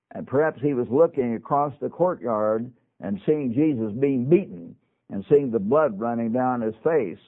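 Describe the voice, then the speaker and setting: A man's voice: medium pitch, narrow, tinny audio. Emphatic male radio preacher, phone-thin sound. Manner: emphatic, with folksy asides to listeners. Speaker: radio Bible teacher. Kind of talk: broadcast sermon on scripture.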